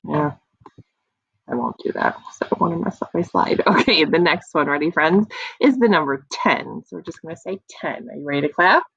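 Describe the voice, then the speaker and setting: Slow, sing-song teacher woman, slightly gravelly. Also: low-pitched, animated, fairly bright tone, no echo. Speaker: kindergarten teacher. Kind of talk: online phonics lesson for young children. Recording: dry, dull lo-fi computer audio.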